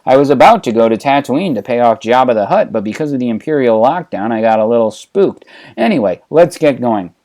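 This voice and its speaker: Brief: man playing a cocky smuggler, smug and dismissive, lively pitch. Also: fairly quick, lightly acted.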